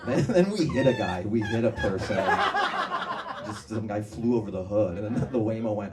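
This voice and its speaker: A man's voice: fairly low pitch, wildly swooping pitch, normal speed, echoey room. Guy doing standup at a club, goes off on tangents and laughs at himself, sounds far off and hissy. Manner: rambling, tangents, laughs at own jokes. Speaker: stand-up comedian. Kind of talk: stand-up comedy set. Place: comedy club stage. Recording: distant mic, noisy live room.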